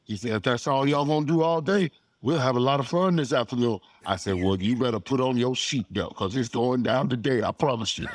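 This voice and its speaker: A middle-aged man with a drawl spins animated stories, slipping into other people's voices and laughing as he goes. His voice sits at an ordinary pitch. He is recorded on a dry, close mic. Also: no echo. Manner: animated, laughs often, acts out quotes. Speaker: guest, former football player. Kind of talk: casual storytelling.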